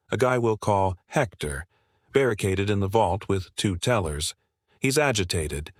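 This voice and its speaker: A man giving scripted narration in a measured, confident storytelling manner, asking the listener rhetorical questions. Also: fairly low pitch, no echo, clean studio sound.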